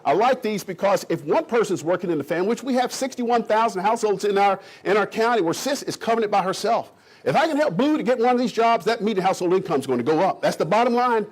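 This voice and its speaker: A middle-aged man from Kentucky giving an animated presentation to a room of realtors. He is folksy and emphatic and talks straight to the audience. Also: sits high, fast talker. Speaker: economic development official.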